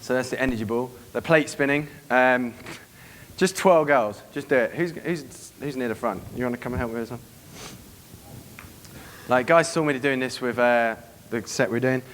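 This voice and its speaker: A man giving a seminar to a live room, brisk and profane, acting out club scenes as he goes. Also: medium pitch, fairly bright tone, slight background noise. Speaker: dating coach giving a seminar. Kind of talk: live seminar talk to an audience.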